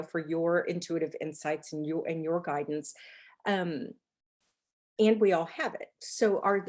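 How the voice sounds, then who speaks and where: Female podcast host, fairly low-pitched, affirming, quick to laugh. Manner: warmly affirming, laughs often. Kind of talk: casual interview chat.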